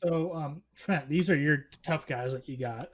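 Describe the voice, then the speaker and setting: A man narrating as game master in a tabletop role-playing session, talking with frequent pauses and fillers. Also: fairly high pitch, slight background noise. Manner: hesitant, many fillers.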